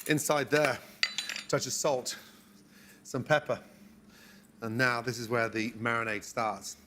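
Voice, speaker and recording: A man demonstrating a recipe step by step in a relaxed, encouraging way, as on a cooking show. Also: mid-range voice, a little slow, background noise. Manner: relaxed, encouraging, talks through each step.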